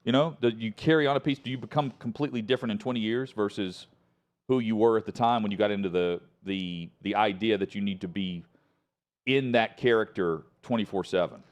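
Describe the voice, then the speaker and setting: A man hosting a sports talk show, chatting in a relaxed, conversational way. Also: fairly low pitch, a little fast. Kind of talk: casual talk show chat.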